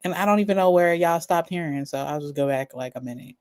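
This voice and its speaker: A woman's voice: low voice, fast talker, a little mellow. A woman reacting live to a video, chatting casually with her viewers and swearing freely. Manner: profane, talks to chat and her cats. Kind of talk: casual live-stream commentary.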